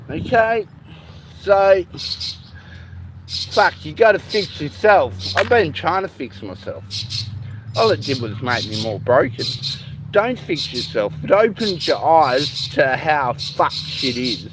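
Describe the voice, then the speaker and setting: Bitter, foul-mouthed Australian man ranting slowly. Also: on the high side, big pitch swings, noisy background. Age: 40s. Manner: bitter, heavily profane ranting. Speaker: vlogger. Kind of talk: venting monologue. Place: at home with a pet lorikeet. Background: a squawking pet bird.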